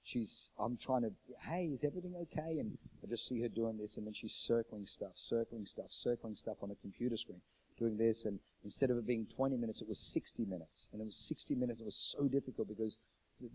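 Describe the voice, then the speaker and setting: A man's voice: fairly even intonation, a little fast, slightly rough. Fervent preacher man. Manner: swings from loud fervent preaching to hushed, low storytelling; repeats phrases for emphasis. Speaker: pastor. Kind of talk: sermon storytelling.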